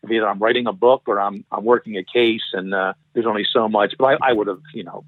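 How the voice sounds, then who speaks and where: A man's voice: mid-range voice, no echo. A middle-aged man with a Philadelphia accent, a guest telling long stories in a rambling way, often correcting himself mid-sentence. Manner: rambling, frequent restarts and self-corrections. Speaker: interview guest, former FBI profiler. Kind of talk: long anecdotal storytelling. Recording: tinny phone-line sound, dry.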